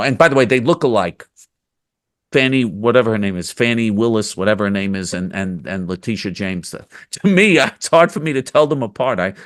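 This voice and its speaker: A man's voice: medium pitch, fairly bright tone, no echo, studio quality. A man hosting a casual commentary chat, speaking indignantly and repeating himself. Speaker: host.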